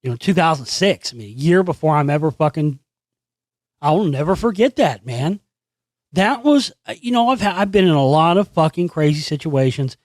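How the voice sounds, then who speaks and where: A man hosting his own channel, delivering a profane, sarcastic ranting monologue and animated storytelling. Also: on the high side, moderate pace, dry recording, studio quality. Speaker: channel host.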